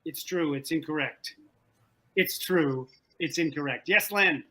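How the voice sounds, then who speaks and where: A man hosting an online trivia game over a video call, animated and joking, often repeating himself. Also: on the high side, measured pace, rough recording. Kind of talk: playful game-show hosting. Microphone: video call from home.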